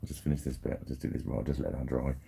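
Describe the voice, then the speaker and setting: A man with a very deep, gravelly voice that carries a husky edge. He talks in a loose, rambling vlog monologue, swearing freely and interrupting himself. The tone stays dark and mellow throughout. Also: little pitch movement, very fast. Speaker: vlogger.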